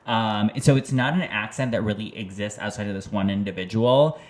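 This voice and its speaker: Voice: mid-range voice, a little fast. A podcast co-host in casual chat, rambling and searching for words with lots of fillers.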